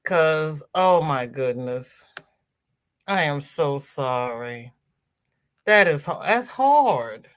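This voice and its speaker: Slow-talking, effusive woman host. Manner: effusive and affectionate, calls viewers girl and honey; laughs often, voice swings high when excited. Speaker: livestream host of a crochet show. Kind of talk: casual livestream chat, reading viewer comments.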